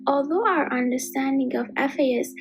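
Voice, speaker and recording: A woman giving a scripted narration for an educational video in an even, explanatory reading manner. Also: high-pitched, normal speed, poor audio. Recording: faint music behind the voice.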